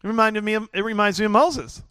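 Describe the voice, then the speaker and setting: A man's voice: sits high, fast talker, bright, forceful tone, clear, resonant tone, dry recording, clean studio sound. A middle-aged man preaching a sermon in a folksy, joking way with lots of fillers. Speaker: pastor.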